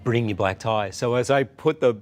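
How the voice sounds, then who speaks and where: A middle-aged man, a talk-show guest, telling a story in a relaxed, animated way and acting out the people he quotes. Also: medium pitch, normal speed. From Australia. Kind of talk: casual talk-show anecdote.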